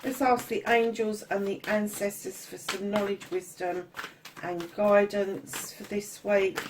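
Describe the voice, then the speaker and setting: A woman's voice: mid-range voice, steady tone, a little slow, background noise. A woman doing a casual tarot reading, chatty and blunt, swearing freely and calling her listeners darlings. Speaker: tarot reader.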